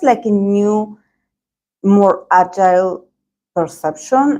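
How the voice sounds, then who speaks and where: Slow, meandering woman tarot reader. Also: fairly low pitch, darkish tone, rough recording. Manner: meandering, hedging talk with many pauses. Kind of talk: tarot reading video.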